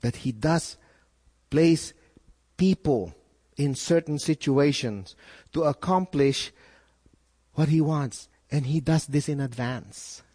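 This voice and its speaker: Slow and dark-toned, with long pauses, a fairly high male voice delivers a sermon. The pastor questions his audience and repeats words as he builds toward his point, in a hall with long, echoing reverb.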